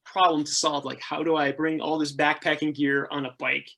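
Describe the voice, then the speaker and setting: A man in his thirties tells his travel adventures as a podcast guest. He laughs a lot and pitches up sharply to act out the people in his stories. His voice sits a little high. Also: moderate pace, vocal fry. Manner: animated, laughing, acts out quoted people with jumps in pitch. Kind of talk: casual storytelling interview.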